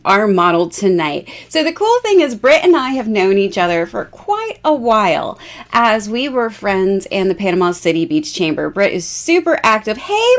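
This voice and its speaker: A bubbly, chatty woman in her forties, hosting a casual jewelry live stream and laughing often. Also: medium pitch.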